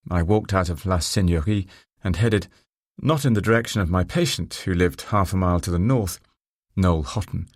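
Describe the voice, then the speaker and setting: Deep gravelly male audiobook narrator. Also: no room sound, clean studio sound. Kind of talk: first-person novel narration.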